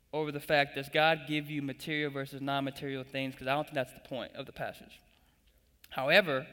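Young male preacher, slightly raised pitch, emphatic and repetitive, big church hall with long echo. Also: fairly bright tone. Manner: building emphatic repetition, calls congregation to respond. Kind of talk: sermon.

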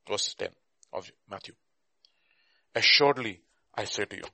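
A man preaching a sermon and teaching a Bible class, emphatic, with rhetorical questions and bursts of loud stress. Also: medium pitch, sing-song, fast talker, no echo.

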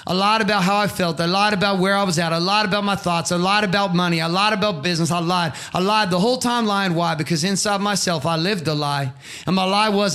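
High, bright-voiced impassioned male speaker. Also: fast talker, clean tone. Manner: preachy, emphatic, swears freely. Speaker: motivational speaker. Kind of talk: impassioned motivational monologue.

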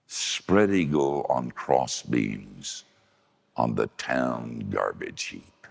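Older guy preaching, real deep gravelly voice, slow and swoopy, long echo like a big hall. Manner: gravelly, folksy storytelling with shifts into high voices for quoted women. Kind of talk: sermon.

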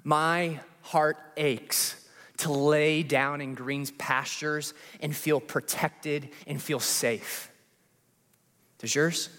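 A man preaching a sermon as a pastor in a church, swinging from hushed pleading to rising, repeated refrains. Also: fairly high pitch, steady tone, very slow. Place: church sanctuary. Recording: long hall reverb with faint music.

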